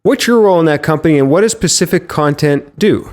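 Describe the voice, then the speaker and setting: A man's voice: a little high, expressive, quick pace, a little mellow. A man hosting a marketing podcast, introducing his guest in an upbeat way and asking him questions. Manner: upbeat, playful announcer voice at times. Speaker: podcast host.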